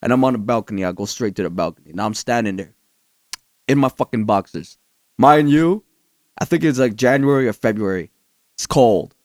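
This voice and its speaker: A man's voice: mid-range voice, lively intonation, brisk, darkish tone, no echo, studio quality. A man telling a rowdy, profane story in casual chat, laughing often as he goes. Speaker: podcast co-host telling a story.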